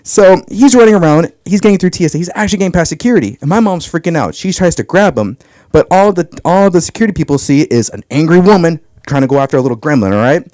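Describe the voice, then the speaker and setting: A man's voice: a little high, expressive, fast talker, a little mellow, dry recording, clean studio sound. A young man telling crude, brash stand-up stories about his family on a comedy club stage. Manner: brash storytelling, crude punchlines.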